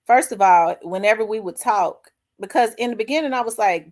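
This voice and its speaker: A middle-aged woman, hosting her own show and candidly telling a personal story, acting out the dialogue with big swings in her voice. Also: brisk. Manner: animated, acts out quoted dialogue with big pitch jumps. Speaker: host.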